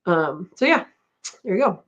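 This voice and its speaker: A woman's voice: on the low side, sing-song, moderate pace, a bit bright. A middle-aged woman hosting a casual live-stream chat, rambling and laughing often as she reads out comments. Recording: dull lo-fi stream audio.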